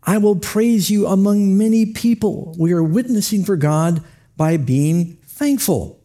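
A man's voice: high voice, animated, measured pace, warm tone. A man preaching a sermon, telling stories with acted quotes and chuckles. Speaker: pastor.

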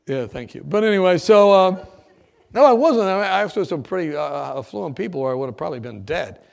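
A man preaching, telling his testimony as a lively story, often laughing and acting out the people in it. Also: high voice, fairly quick, gravelly. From United States. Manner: animated storyteller, often laughing, acts out shouts.

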